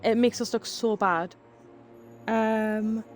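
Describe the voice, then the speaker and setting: A woman's voice: mid-range voice, steady tone, measured pace, a little mellow, faint music behind. A young woman with a Geordie accent chatting casually with viewers on a live stream, reading chat aloud, swearing and laughing as she goes. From Northeast England.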